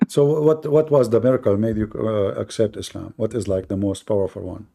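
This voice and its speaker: A man's voice: on the low side, steady tone, brisk, gravelly, dark tone. A man hosting a live religious debate, emphatic and repetitive, with many hesitations. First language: Arabic. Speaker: debate host.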